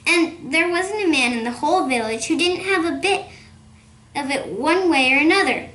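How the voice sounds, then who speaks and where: A woman reading aloud, voicing a lively, conspiratorial father who tells stories with relish. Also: high voice, moderate pace, reverberant. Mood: scornful. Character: cheerful rural father, storyteller, man.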